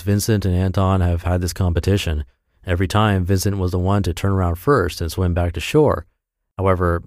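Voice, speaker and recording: A man's voice: deep voice, a little mellow, no room sound, clean studio sound. A man narrating a self-help blog post for his podcast in an upbeat, emphatic reading voice.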